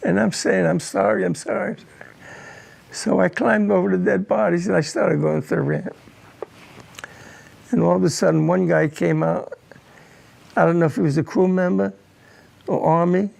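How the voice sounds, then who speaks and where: An older man, a war veteran, recounting a personal war memory in an interview, grave and halting, often repeating his words. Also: sits high, steady tone, gravelly, a little mellow.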